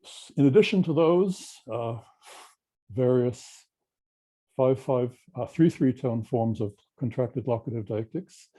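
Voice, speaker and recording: An older man with an Australian accent giving a measured, technical linguistics seminar lecture. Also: mid-range voice, expressive, dark tone, slightly rough. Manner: measured, technical, explanatory with pauses.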